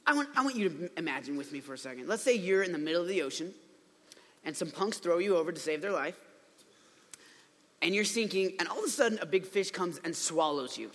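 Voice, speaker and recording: Preaching briskly with big pitch swings, this high-voiced man tells stories in a loose, chatty sermon packed with playful asides. His bright, sharp voice echoes with long reverb, like in a big hall.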